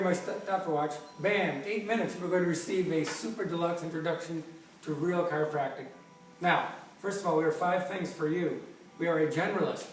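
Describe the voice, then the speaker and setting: A man in his fifties working as a chiropractor, giving an enthusiastic, jokey presentation with props, often restarting his sentences. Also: on the high side. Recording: echoey room, distant mic, faint noise.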